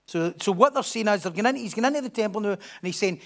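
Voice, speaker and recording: A man preaching a sermon as pastor, animated, acting out crowd voices and swinging from loud declarations to hushed asides. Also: high voice, fast, hardly any pauses. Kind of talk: expository sermon.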